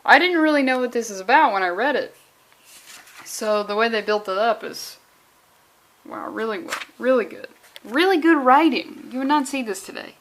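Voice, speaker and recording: A woman's voice: on the high side, normal speed. Sarcastic woman riffing on a comic. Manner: sarcastic, deadpan tangents, stumbles over words while reading. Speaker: comedian reading a comic book aloud. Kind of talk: casual comic reading with joking asides.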